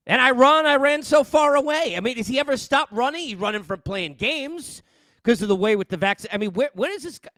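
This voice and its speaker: Animated New man ranting, high voice. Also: dry recording. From New York. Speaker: podcast host. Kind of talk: solo sports rant. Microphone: headset.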